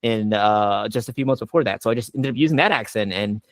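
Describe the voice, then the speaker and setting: Speaking quickly in a fairly low voice, a young adult male voice actor shares stories on a panel, captured in a dry recording. He's animated and casual, leaning heavily on "like" and often starting over.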